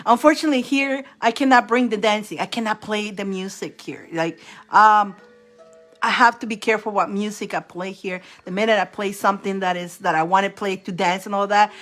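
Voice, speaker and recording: A woman's voice: medium pitch, steady tone, brisk, fairly bright tone. A woman on a livestream giving tarot readings, chatting casually and often breaking into fits of laughter. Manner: chatty, rambling with restarts.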